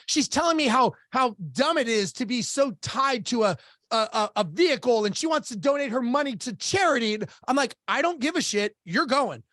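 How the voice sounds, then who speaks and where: A man telling stories as a business coach and podcast guest, lively and casual, acting out the dialogue he recounts and swearing now and then. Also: very high voice, no room sound, clean studio sound. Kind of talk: storytelling in a podcast interview.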